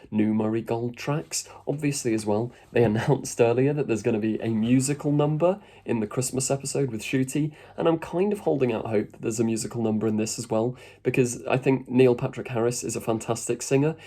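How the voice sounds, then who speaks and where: A man's voice: mid-range voice, fairly even intonation, brisk, few pauses, warm tone. A man giving a chatty, rambling video review with casual asides. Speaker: YouTube reviewer.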